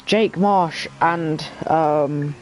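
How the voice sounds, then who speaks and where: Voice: mid-range voice, extremely slow, darkish tone, slight background noise, poor audio. A commentator giving lap-by-lap updates on a sim racing session in a casual, chatty way. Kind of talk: live race commentary.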